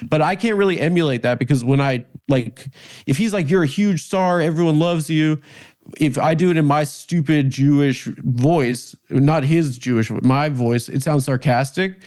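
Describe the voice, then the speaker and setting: Rambling self-deprecating man, halting speech. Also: medium pitch, a little mellow. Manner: halting, many restarts and "like" fillers, self-deprecating. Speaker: comedian and podcast host, guest. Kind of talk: casual interview conversation.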